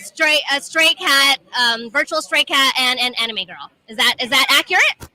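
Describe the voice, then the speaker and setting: A woman's voice: high-pitched, expressive, normal speed, bright, forceful tone, poor audio. A woman hosting a live interview show at a gaming expo, chatty and enthusiastic, often rambling as she asks her questions. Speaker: host. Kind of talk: casual interview chat.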